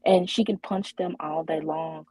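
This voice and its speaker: A woman co-hosting a podcast talks slowly and thinks out loud, with many ums and restarts. Her voice is low and mellow with a husky edge. The sound is dry and close. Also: steady tone, no room sound, poor audio. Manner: hesitant, many fillers and restarts. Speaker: podcast co-host. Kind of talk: casual chat.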